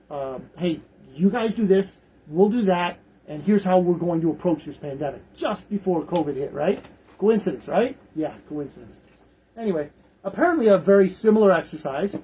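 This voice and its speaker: Man, husky voice, talk radio host, rambling, repeats words, casual commentary. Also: sits high, expressive, normal speed, mellow, poor audio.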